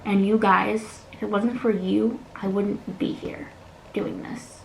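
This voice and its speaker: A woman speaks in a personal vlog, earnest and halting, at times falling to a near-whisper as she holds back tears. Her voice has a gravelly fry. The room is echoey, with a faint hiss of noise behind her. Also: medium pitch, steady tone. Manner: earnest, halting, often drops to a soft whisper. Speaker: beauty vlogger.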